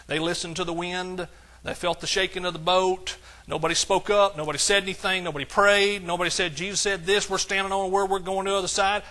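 A man preaching a sermon as pastor, with emphatic lines that swing from soft to hollering. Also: high-pitched, flat delivery, brisk.

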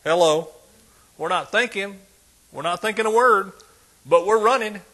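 A man preaching a sermon, folksy and animated, dropping soft and then rising loud. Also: high-pitched, a little slow, noisy background.

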